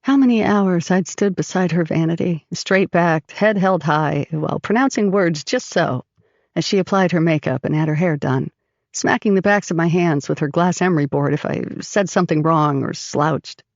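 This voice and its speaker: A woman with a gravelly voice narrating a first-person audiobook in a measured, even way. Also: lowish voice, dry recording. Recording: dry, slightly dull recording.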